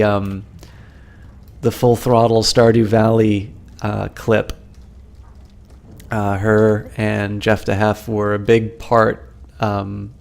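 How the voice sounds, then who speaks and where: Man, low voice, gravelly fry, rambling live-stream commentary. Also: darkish tone. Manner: rambling, many ums and restarts, chatting to viewers while playing.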